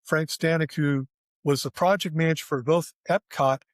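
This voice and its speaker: A man's voice: fairly high pitch, fairly even intonation, normal speed, no room sound, studio quality. An older man, a former theme park designer, telling his career story in an interview and acting out the dialogue as he goes. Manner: vivid storyteller, acts out quoted dialogue.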